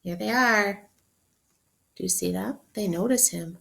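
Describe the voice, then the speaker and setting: A woman teacher reading a picture book aloud to children, expressively, pausing to ask them questions. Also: medium pitch, creaky, a bit bright, a little hiss or hum. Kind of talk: interactive read-aloud for children.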